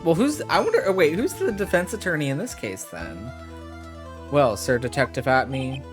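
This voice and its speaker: A man streams a game and chats over it, amused and quick to laugh. His voice bounces lively up and down, and game music plays clearly behind him. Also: on the high side. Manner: chatty, amused, laughs often. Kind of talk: casual gameplay commentary.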